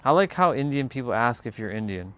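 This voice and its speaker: A relaxed man talking off the cuff to his live stream audience. His pitch sits at an ordinary middle level for a man, and he drifts loosely from thought to thought. He addresses viewers directly in an easygoing, unhurried way. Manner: laid-back, rambling, talks straight to viewers. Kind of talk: casual live stream chat.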